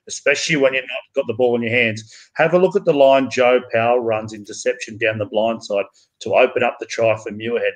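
A man co-hosting a live rugby show, talking a viewer through plays with animated explanation. He speaks in a mid-range voice over a remote connection. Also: mid-range voice, rough recording. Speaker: rugby analyst co-host. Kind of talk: sports analysis chat.

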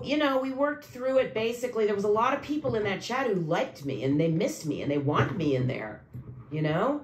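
A woman in a bitter, expletive-laden rant, her voice sitting at a middling pitch. She sinks into low, hushed mutters and then flares into sharp, raised outbursts. She speaks to camera as a video creator. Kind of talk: angry ranting monologue.

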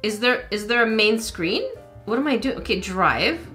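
A woman hosts a let's-play gaming video, chatting casually with her viewers and often sounding confused. Her voice is on the high side, expressive and sharp, at a moderate pace. She uses a desk microphone, with soft music in the background.

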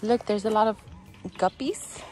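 A young woman on a honeymoon hike films herself along an outdoor nature trail by a creek, chatting casually in an easygoing vlog style and narrating what she sees. Her mid-range, slightly mellow voice moves at a moderate pace, with soft background music.

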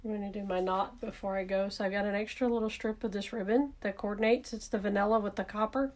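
A woman's voice: mid-range voice, fairly even intonation, fast, darkish tone. A woman with a Southern accent, casually talking through a card-making demonstration, thinking aloud and correcting herself as she works. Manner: chatty, thinks aloud while working, self-correcting.

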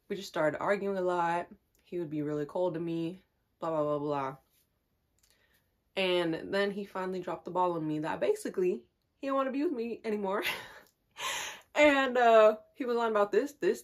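A young woman telling a personal story in a casual, confiding way, often laughing as she talks. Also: on the low side. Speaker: vlogger.

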